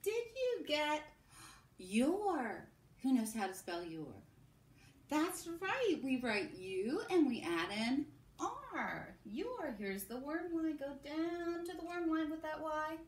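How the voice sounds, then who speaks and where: A woman teacher giving a recorded phonics lesson to young children, modelling sounds and sentences slowly. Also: sits high, big pitch swings, distant mic. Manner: slow, sing-song, drawn-out modelling of sounds and sentences. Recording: echoey room with faint background hum.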